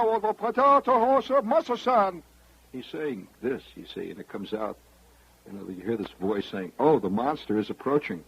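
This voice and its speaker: A man's voice: mid-range voice, gravelly, slightly rough, lo-fi sound. A man hosting a radio show, spinning a rambling, wry monologue straight to the listener. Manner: rambling storyteller, confiding, wry. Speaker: radio host.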